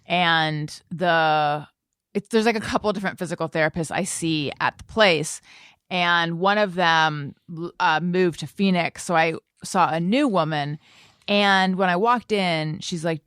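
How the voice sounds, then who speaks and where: A woman's voice: fairly low pitch, a little slow, fairly bright tone, clean tone, no room sound, studio quality. A woman hosting a podcast, chatting casually and telling amused stories. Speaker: podcast host. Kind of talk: casual chat.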